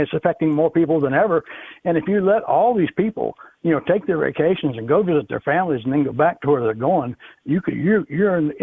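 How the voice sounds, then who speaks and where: A man calling into a talk show who speaks haltingly and stops often on "uh". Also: on the high side, husky, dry recording. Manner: halting, with many uh fillers. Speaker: caller. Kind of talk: phone-in call. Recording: tinny phone line.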